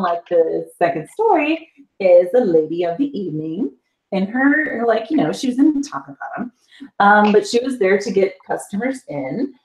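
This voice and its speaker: A woman from the South, a guest telling an animated story in a casual chat and laughing often. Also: on the high side. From US South, Panhandle area. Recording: echoey room.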